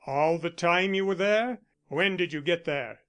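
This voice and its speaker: A man's voice: high voice, unhurried, fairly bright tone, clear, resonant tone. A man reading a fierce, frightened young man. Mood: questioning. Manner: agitated, accusing. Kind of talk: audiobook character reading.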